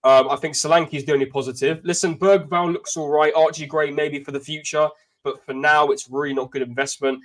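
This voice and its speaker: A man hosting a casual football chat, talking in animated bursts. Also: on the high side, brisk. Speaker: channel host.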